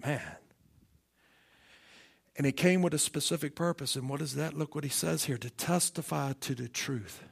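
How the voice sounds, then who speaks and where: A middle-aged pastor delivers a sermon in a somewhat high voice. He drives his points home with emphatic rhetorical questions. He builds to fervent shouts, then sinks to a hushed near-whisper. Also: moderate pace, vocal fry, pauses often, slightly rough.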